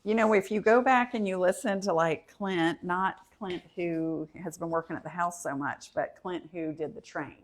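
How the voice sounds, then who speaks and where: Friendly, curious woman with a low voice. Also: moderate pace, few pauses. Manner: friendly, curious, asks viewers questions. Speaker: cooking channel host. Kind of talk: casual live-stream chat.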